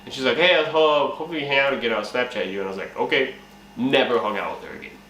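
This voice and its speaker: A man's voice: medium pitch, very fast, sharp tone. A young man in casual comic storytelling, profane and laughing, acting out his own lines as he tells it. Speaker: channel host. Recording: echoey room with faint ambient noise.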